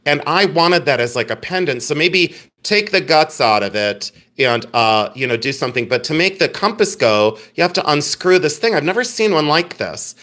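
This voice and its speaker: A man's voice: fairly high pitch, animated, moderate pace, few pauses, bright, forceful tone. A man hosting a live jewelry sale stream, chatty and joking as he rambles about each piece. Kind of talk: casual live-stream selling.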